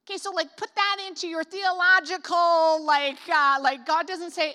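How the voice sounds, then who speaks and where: A woman's voice: very high-pitched, steady tone, normal speed, pushed and bright. A Canadian woman preaching a casual sermon, chatty and joking with lots of "like" asides. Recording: reverberant hall.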